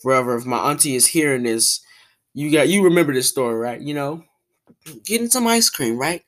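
A young woman hosting a podcast, ranting casually in an exasperated, animated way, full of restarts and fillers. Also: extremely low pitch, brisk. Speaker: podcast host.

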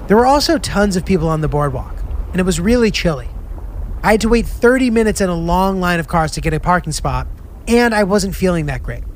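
A young man chatting casually about a road trip, easygoing and full of filler words. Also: on the high side. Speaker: travel vlogger. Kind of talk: casual travel narration. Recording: voice-over with music bed.

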